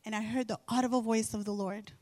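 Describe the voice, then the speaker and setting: A middle-aged woman sharing a Christian testimony with an audience, telling her story in an animated way and repeating phrases for emphasis. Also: a little high, fast talker, dry recording. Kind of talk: faith testimony told to an audience.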